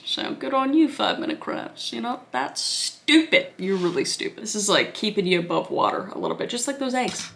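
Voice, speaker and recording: A woman's voice: mid-range voice, huge pitch swings, moderate pace, vocal fry, few pauses, fairly bright tone. A woman from Canada giving sarcastic comedic reactions, swearing freely and laughing often. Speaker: comedy YouTuber.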